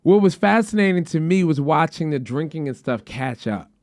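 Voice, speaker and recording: A high-pitched man hosting a podcast, swearing freely and spinning animated stories. His voice is close-miked and dry, with no room sound. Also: normal speed, dry recording. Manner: profane, animated storytelling. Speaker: podcast host. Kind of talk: casual chat.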